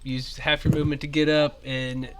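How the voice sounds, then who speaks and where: A man, narrating a tabletop game as game master in a relaxed, chatty way. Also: fairly high pitch, normal speed, slight background noise.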